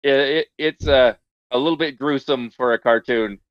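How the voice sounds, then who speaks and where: A man on a podcast telling a story in casual chat, hesitant with many restarts, getting animated as he goes. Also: medium pitch, moderate pace, clear, resonant tone, no room sound, lo-fi sound.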